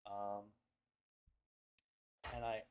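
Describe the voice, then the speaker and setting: A young man records a confessional video diary on his webcam at home, rambling, trailing off, and repeating himself. His lowish voice stays level and clean and moves extremely slowly.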